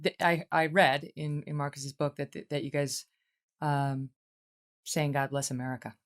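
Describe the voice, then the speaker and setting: A woman's voice: low-pitched, flat delivery, normal speed. A woman hosting an interview, asking conversational, emotionally engaged questions. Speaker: talk show host.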